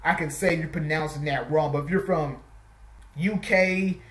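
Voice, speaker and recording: A man's voice: a little high, normal speed, fairly bright tone, a little hiss or hum. Rambling American man in an echoey room. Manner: rambling, restarts and self-corrections. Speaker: host. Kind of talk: casual reaction video commentary.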